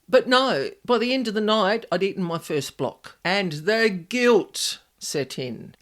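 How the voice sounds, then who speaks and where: A woman's voice: medium pitch, expressive, moderate pace, few pauses. An Australian woman hosting a solo podcast, telling a chatty personal anecdote and acting out her own inner voices. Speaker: podcast host, paranormal specialist. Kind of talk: casual solo podcast storytelling.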